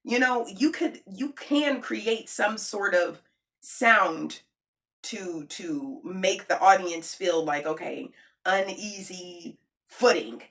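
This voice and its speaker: Woman, mid pitch, casual to-camera chat, emphatic, slangy, repeats herself. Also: slow pace. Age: adult with a child. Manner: animated, emphatic, repeats points for effect; slangy, conversational, addresses viewers directly. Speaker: video creator reviewing a film.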